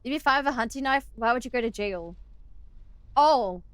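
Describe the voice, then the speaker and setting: A woman's voice: a little high, animated, moderate pace, no echo. An Australian woman streaming a game, chatting with viewers in a joking way and laughing often. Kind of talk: casual gameplay chat.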